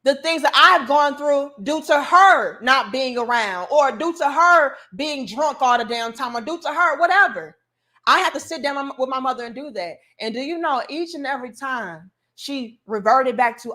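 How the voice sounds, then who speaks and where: Emphatic bright-voiced woman preaching. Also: high voice, animated, moderate pace. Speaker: commentary show host. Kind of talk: casual opinion monologue.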